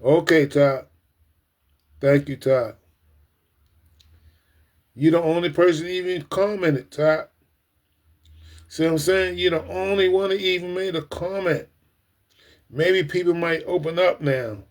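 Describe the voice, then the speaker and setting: An earnest man with a slightly high voice speaks directly to his livestream viewers in a loose, casual way. He gets emotional, repeats his points over and over, and keeps calling his audience ladies and gentlemen. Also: measured pace, long pauses. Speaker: livestream host.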